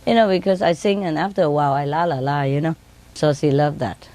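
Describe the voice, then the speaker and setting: A woman telling casual stories in simple, broken English, laughing often and mimicking her birds in high sing-song tones. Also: fairly quick, dark tone. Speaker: speaker telling stories about her pets. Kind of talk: casual storytelling.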